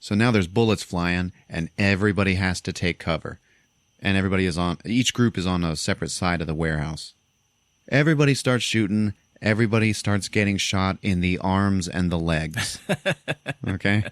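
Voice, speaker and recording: A man hosting a podcast, casually retelling a movie plot in an animated, profane way and acting out the characters' lines. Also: low-pitched, normal speed, no room sound. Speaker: podcast host.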